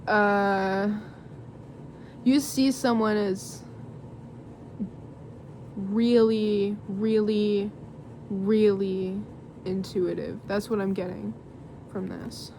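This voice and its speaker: A woman's voice: mid-range voice, steady tone, drawn-out words, pauses often, a little mellow, a little hiss or hum. A young woman doing a casual tarot reading to camera, rambling and giggly with lots of fillers. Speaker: tarot reader.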